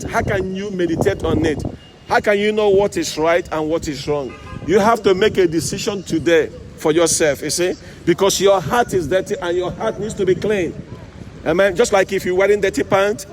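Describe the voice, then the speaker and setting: High-voiced man preaching by a busy road. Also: normal speed. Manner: call-and-response, repeated "Amen?" and "you see?". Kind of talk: street sermon. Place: outdoors by a road with passing cars in the rain. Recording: outdoor recording with street traffic noise. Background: traffic noise.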